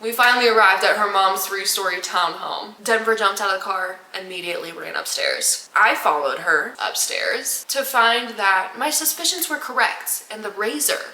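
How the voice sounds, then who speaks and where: A young woman tells a story on her vlog in a bright, forceful voice, chatty and full of "like". She acts out what people said. The room around her is echoey. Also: medium pitch, moderate pace, hardly any pauses. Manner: chatty, acts out quotes with lots of "like". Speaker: storytime vlogger. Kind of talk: casual storytelling.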